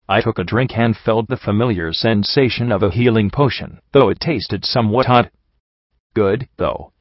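A man reading a first-person fan fiction story aloud as an audiobook, steady and plain. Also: fairly low pitch, no echo. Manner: steady, plain narration with light voicing for dialogue. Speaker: audiobook reader. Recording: dull, dry home recording.

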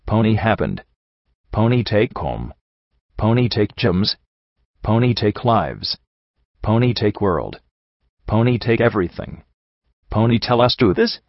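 A man growling as a gruff old dog chief in broken speech. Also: fairly low pitch, lively intonation, measured pace, pauses often, no echo, highs cut off. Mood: angry. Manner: broken grammar, growling and grumbling.

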